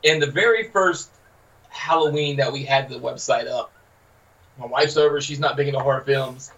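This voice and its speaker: A man co-hosting a casual podcast, telling anecdotes in an animated way. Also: medium pitch, normal speed, far from the mic, muffled recording. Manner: animated storyteller. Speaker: podcast co-host.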